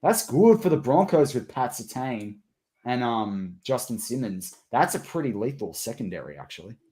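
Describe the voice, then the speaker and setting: A man's voice: mid-range voice, sing-song, moderate pace, warm tone. A man co-hosting a fan watch party stream, chatting casually about football picks with rambling restarts. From Australia. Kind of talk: casual draft chat.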